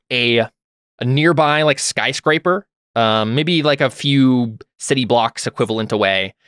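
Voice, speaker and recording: A man's voice: mid-range voice, pushed and bright, clean tone, dry recording, clean studio sound. A young man narrating a tabletop game as game master, rambling with many fillers and self-corrections.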